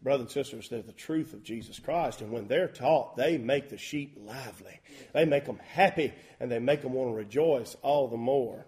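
A man preaching a sermon as a pastor, folksy and emphatic with loud bursts. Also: medium pitch, normal speed, few pauses. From Southern US.

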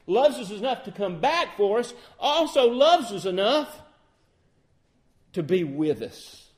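Male preacher, sermon delivery, higher-pitched voice, earnest with emphatic swells and quiet reflective stretches. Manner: earnest, rising to emphatic peaks then quieting to soft reflection; quotes King James scripture in measured cadence.

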